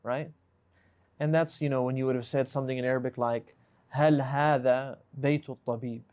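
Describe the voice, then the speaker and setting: A man's voice: medium pitch, fairly even intonation, quick pace, dull audio. A man teaching an Arabic class over a video call, patiently questioning and correcting his students and mixing English with Arabic grammar terms.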